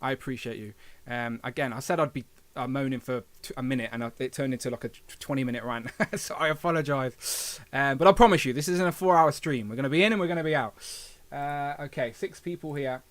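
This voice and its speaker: A man's voice: mid-range voice, fast, fairly bright tone, no echo. A man from England with a Coventry accent, hosting a casual live stream, chatty and self-deprecating and laughing often. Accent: English, Coventry.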